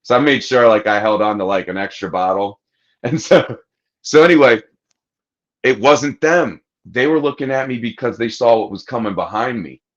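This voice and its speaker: A man's voice: mid-range voice, moderate pace, dull audio. A man on a podcast telling a long story in casual chat, swearing freely and acting out what people said. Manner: profane, animated anecdote-telling, acting out quotes. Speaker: podcast host.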